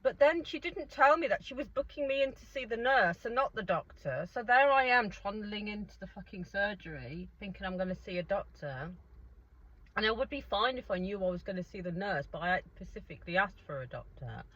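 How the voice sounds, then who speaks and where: A woman eating snacks on camera and chatting casually, animated and swearing freely as she tells stories and mimics people. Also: medium pitch, fairly quick. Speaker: food vlogger. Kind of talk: casual eating vlog with story time. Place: car. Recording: dull lo-fi sound, faint noise.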